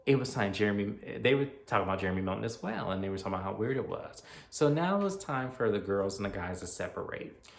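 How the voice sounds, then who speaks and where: A man's voice: on the low side, creaky. A man casually recapping a horror movie, chatty and acting out the characters' lines as he goes. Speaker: movie reviewer. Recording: echoey room.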